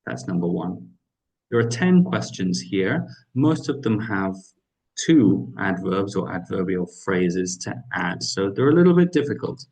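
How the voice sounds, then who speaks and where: A man's voice: deep voice, sing-song, a little slow, a little mellow, rough recording. A man teaching an English grammar lesson, explaining step by step and often checking in with "right?".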